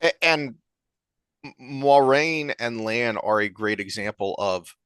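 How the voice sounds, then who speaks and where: A man co-hosting a podcast, talking in a rambling, animated way with frequent restarts. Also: medium pitch, slow pace, smooth, dry recording. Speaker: podcast co-host. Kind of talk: casual chat.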